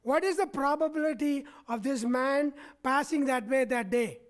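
A man's voice: very high voice, normal speed. Man preaching, asking "right?". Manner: asks the congregation frequent "right?" tags. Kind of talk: sermon. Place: church.

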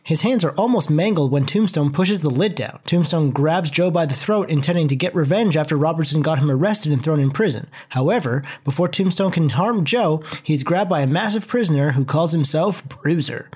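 A man's voice: a little high, brisk, few pauses, a little mellow, breathy edge. Man reading comic recaps. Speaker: podcast co-host.

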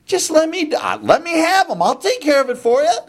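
Guy doing a shrill indignant kid, high and urgent, all worked up. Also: wildly swooping pitch, a little fast, heavily acted. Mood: eager. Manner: high, incredulous, urgent pleading. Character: young boy David, indignant and eager.

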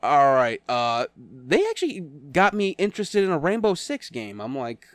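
Laid-back man with a lively voice. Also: a little high, normal speed, dry recording, clean studio sound. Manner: laughs often, loose and rambling. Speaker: podcast co-host. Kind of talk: casual live-stream chat.

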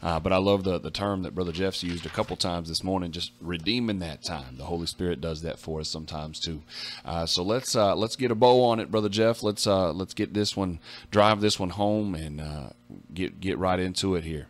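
A man hosting a Christian radio show, chatting casually and filling pauses with "uh". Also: low-pitched. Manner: friendly, fills with uh.

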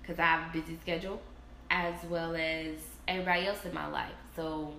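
A woman's voice: deep voice, little pitch movement, a little fast, creaky, bright, forceful tone. An opinionated woman chatting casually, making her points emphatically. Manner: opinionated, emphatic, mimics others in quotes. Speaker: co-host. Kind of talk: casual chat. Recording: echoey room with faint noise.

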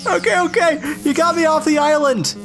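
A man voicing a bitter, whining young man trapped as a rat, in a high, strained voice. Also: normal speed, fairly bright tone, soft background music. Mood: whiny. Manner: whiny.

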